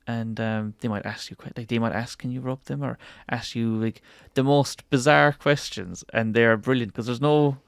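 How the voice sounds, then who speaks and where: A man chatting on a podcast, animated, laughing often and acting out what other people say. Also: medium pitch, normal speed, creaky, few pauses, clean tone, no echo. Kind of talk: casual podcast chat.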